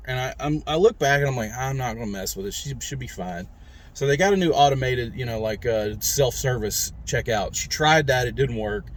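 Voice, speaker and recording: A man's voice: mid-range voice, slight background noise. A man casually telling a rambling, candid story in his own video diary, recorded on a phone in a vehicle. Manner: rambling, candid, self-described talker. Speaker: mental health vlogger.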